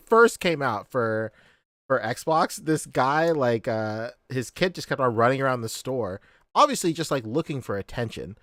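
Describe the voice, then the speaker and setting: A male co-host of a toy and comic podcast tells rambling stories in casual chat, laughing a lot and swearing. His medium-pitched voice is animated, a bit bright and moderately paced, recorded with clean studio sound and no echo.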